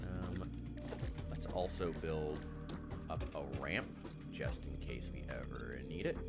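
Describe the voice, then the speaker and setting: A man casually commenting while playing a game, rambling and sarcastic, now and then yelling in panic. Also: a bass voice, slow, vocal fry. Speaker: gaming channel host. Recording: game music loud behind.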